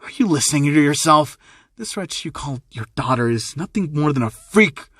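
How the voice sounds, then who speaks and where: A man's voice: fairly high pitch, animated, moderate pace, a bit bright, slightly rough, no room sound. A man voicing a bitter, hostile middle-aged father who speaks with open contempt, in a dry-sounding recording. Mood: scornful. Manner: contemptuous, scornful.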